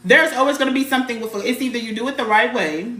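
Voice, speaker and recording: Fast and fairly bright, with a slightly high voice and reverberant sound, this woman runs a live spiritual stream. She's blunt and emphatic, says things over again, uses mild swearing and calls out viewers by name.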